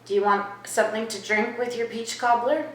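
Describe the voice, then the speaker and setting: A woman vlogging in her home kitchen. She asks a spirit hushed questions and turns to viewers with excited asides. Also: a little high, fairly quick, echoey room, poor audio. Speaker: vlogger host. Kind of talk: casual paranormal vlog.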